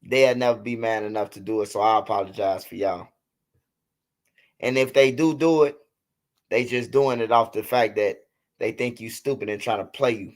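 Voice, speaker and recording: A man's voice: lowish voice, normal speed. A man in his thirties hosting a livestream, talking loosely and profanely in casual chat. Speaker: livestream host.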